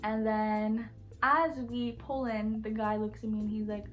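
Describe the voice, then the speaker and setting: A woman's voice: a little high, measured pace. Young woman ranting through a storytime, super blunt, says like and literally nonstop, faint music in the back. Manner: animated, blunt, heavy use of "like" and "literally". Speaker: YouTuber. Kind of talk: casual storytime.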